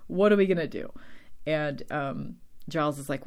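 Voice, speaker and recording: Her voice sits low, a little mellow and smooth, moving at a normal speed as she casually goes over a TV episode. She rambles with plenty of "like" and "um," and fatigue from talking a long time shows in her voice.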